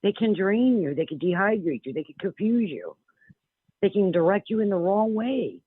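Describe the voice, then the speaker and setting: A woman's voice: medium pitch, very animated, moderate pace, breathy edge, no room sound. A woman calling in as a psychic medium guest, talking bluntly and emphatically with frequent restarts. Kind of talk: phone-in radio interview. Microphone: telephone. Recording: tinny phone line.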